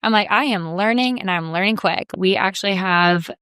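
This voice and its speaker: Woman guest, chatty interview talk, smooth clear tone, close dry mic. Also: medium pitch, moderate pace, a bit bright, dry recording. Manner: chatty, quotes herself and others often. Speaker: reality TV guest. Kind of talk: casual interview chat.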